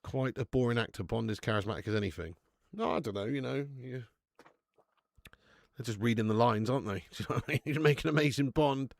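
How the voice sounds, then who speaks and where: A man's voice: medium pitch, a little fast, gravelly, no room sound. A young man hosting a football watch-along stream, chatting casually with viewers and swearing freely. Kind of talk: casual live-stream chat and match commentary.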